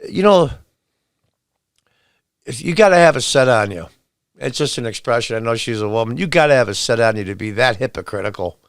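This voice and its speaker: A man's voice: mid-range voice, lively intonation, a little fast, long pauses, clean tone, no echo. A man delivering a commentary monologue with a blunt, exasperated edge and plenty of sarcasm. His voice sits mid-range and sounds dry and close, with little room around it. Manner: reads quotes aloud, then rants back at them. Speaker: podcast host.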